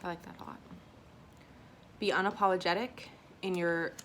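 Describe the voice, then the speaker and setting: Soft-spoken woman, lowish voice, teary. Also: steady tone, moderate pace, slight background noise. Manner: emotional and self-conscious, soft and tearful at times. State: teary after crying. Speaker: unboxing vlogger. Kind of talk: casual unboxing chat, reading affirmation cards aloud.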